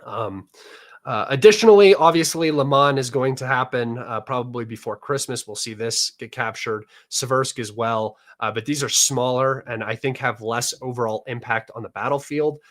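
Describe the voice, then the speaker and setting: A man's voice: medium pitch, moderate pace, hardly any pauses, a bit bright. A man answering viewer questions in a casual talk, rambling, with many fillers and restarts. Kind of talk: casual analysis chat.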